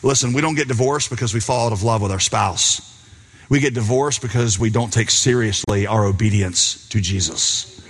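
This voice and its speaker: A man's voice: lowish voice, moderate pace, husky. A man preaching a sermon, telling a story and acting out its characters' lines. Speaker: pastor. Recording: long hall reverb.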